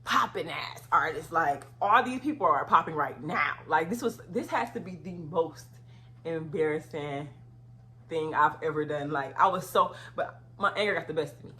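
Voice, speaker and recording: Animated woman telling a storytime. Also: sits low, moderate pace, slight background noise. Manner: animated, swings into loud outraged retellings. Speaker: vlogger. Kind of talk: casual storytime.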